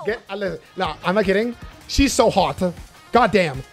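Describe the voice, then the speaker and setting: A man doing live gameplay commentary, cursing and excitedly trash-talking his teammates. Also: high voice, fast talker, music in the background. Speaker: gaming YouTuber.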